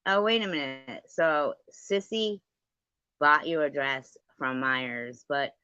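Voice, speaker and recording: Speaking at a slow pace, this livestream host has a deep voice with a bright, forceful, clean tone and no echo. She rambles in a sarcastic, gossipy rant peppered with profanity, and her livestream setup makes the audio dull and lo-fi.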